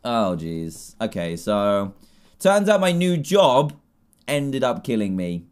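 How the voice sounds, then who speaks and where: A young man giving excitable, jokey commentary while playing a block-building game, often laughing and yelling. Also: mid-range voice, slow, clean tone. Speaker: gaming video creator. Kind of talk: Minecraft let's play commentary.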